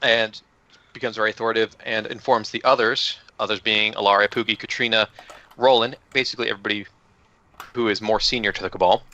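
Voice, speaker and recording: A man's voice: lowish voice, fairly even intonation, fast, sharp tone. A man casually recapping a tabletop game session for his group, joking loosely and swearing now and then. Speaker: player recapping the last session. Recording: dull lo-fi audio.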